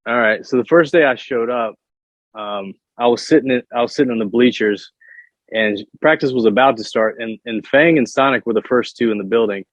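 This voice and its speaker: A man's voice: medium pitch, a little fast, no echo, muffled recording. A man guest telling wrestling stories in casual chat, often stumbling and repeating words as he starts a sentence. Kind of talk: casual storytelling on a podcast.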